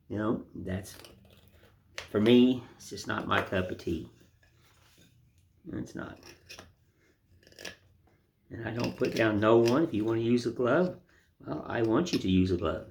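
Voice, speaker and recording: A man's voice: on the low side, unhurried, long pauses, a little mellow, a little hiss or hum. An older man giving a casual, rambling woodcarving lesson in a folksy, self-deprecating way. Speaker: woodcarving instructor. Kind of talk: casual hands-on demonstration.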